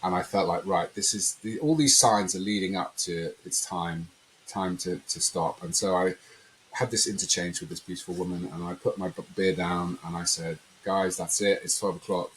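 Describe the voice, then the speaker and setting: A man's voice: sits low, normal speed, slight background noise, low-quality recording. A man telling a personal story in a conversational interview, rambling and acting out quotes. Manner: rambling, animated storyteller who acts out quotes. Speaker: podcast guest.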